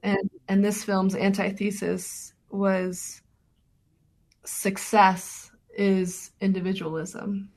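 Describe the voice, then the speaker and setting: A woman's voice: mid-range voice, little pitch movement, slow, darkish tone. A woman documentary filmmaker being interviewed on radio, talking thoughtfully with many fillers and restarts.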